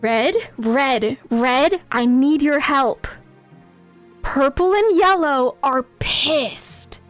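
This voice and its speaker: A woman's voice: sits high, very slow, faint music behind. A woman streaming a game live, laughing often and talking to her chat while reading out game lines. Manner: giggly, animated, reads out game lines.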